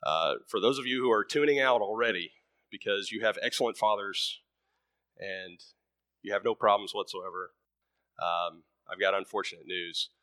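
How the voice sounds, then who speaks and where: A man's voice: fairly low pitch, normal speed, pushed and bright, no room sound, studio quality. A man preaching a sermon in a conversational way, full of ums and uhs, who tells a story and lightly acts out its voices.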